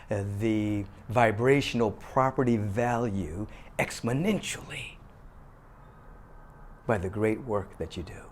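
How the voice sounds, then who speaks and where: A man's voice: mid-range voice, darkish tone. A man speaking earnest words of blessing and appreciation as a guest. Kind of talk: blessing speech.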